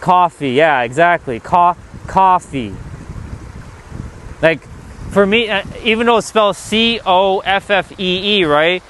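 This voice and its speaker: A man's voice: high-pitched, animated, moderate pace, fairly bright tone, a little hiss or hum. A man hosting a casual spiritual livestream, rambling loosely, reading the chat and swearing now and then.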